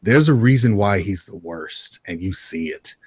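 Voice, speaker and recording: Low-voiced man in his thirties, chatty. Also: moderate pace, breathy edge, no echo, clean studio sound. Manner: relaxed, enthusiastic about comics, rambling. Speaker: podcast co-host. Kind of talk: casual podcast chat.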